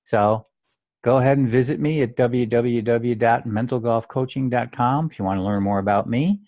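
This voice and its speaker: A man's voice: mid-range voice, moderate pace, darkish tone, no room sound. A man coaching golfers on their mental game, talking in a blunt, straight-talking way and saying phrases aloud to show the difference. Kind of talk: direct instructional monologue.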